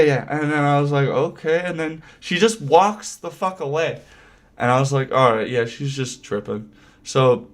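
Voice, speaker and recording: A young man telling a rambling work story on a livestream, full of swearing and filler words. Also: a little high. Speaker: streamer.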